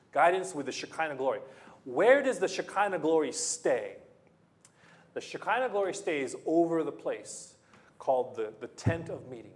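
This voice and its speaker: A man preaching a sermon, emphatic, repeating phrases and putting rhetorical questions to the congregation. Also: fairly high pitch.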